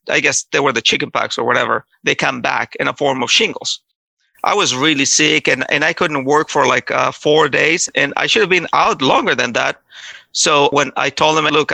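A man telling his own story in a halting, conversational way, acting out what others said. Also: fairly high pitch, vocal fry, sharp tone, dry recording. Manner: halting, restarts, acts out quoted voices. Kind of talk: personal testimony, casual storytelling.

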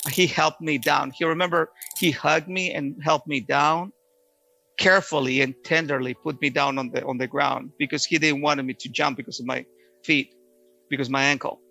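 A man telling a personal story in an earnest, halting way, often repeating words as he goes. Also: fairly high pitch, steady tone, creaky, pushed and bright, rough recording. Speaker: storyteller giving a personal testimony.

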